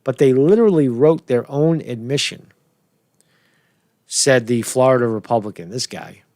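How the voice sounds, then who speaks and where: A man giving casual political commentary, rambling and profane, repeating "right?" and chuckling at his own lines. His voice is gravelly, and it sits in a dry, close recording. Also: medium pitch, animated, moderate pace, a little mellow, no echo. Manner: restarts sentences, chuckles at his own jokes.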